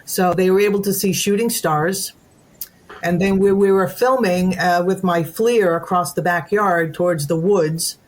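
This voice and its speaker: A woman's voice: lowish voice, steady tone, measured pace. A woman who runs paranormal events, telling a story in long run-on sentences in a casual chat. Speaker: event host, paranormal investigator.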